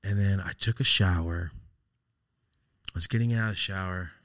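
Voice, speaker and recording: Low-voiced man telling a raw story. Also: a bit bright, no room sound, studio quality. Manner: raw, profane, halting, drops to a near-whisper when upset. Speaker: podcast host. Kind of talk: casual storytelling.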